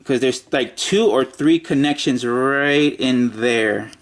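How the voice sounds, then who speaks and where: A man's voice: mid-range voice, takes it slowly. A man giving a casual toy review, muttering and joking to himself as he handles the figure.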